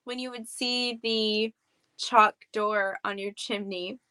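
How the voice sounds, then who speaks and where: A woman's voice: mid-range voice, fairly even intonation, takes it slowly, sharp tone, clear, resonant tone. Joking young woman co-host. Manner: joking, interjecting. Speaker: podcast co-host. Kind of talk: casual chat.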